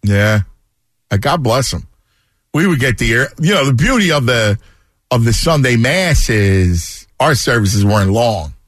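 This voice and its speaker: A male radio host on a sports talk show, effusive and excitable, with a studio mic. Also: unhurried, dry recording. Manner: effusive, excitable, jumps in pitch.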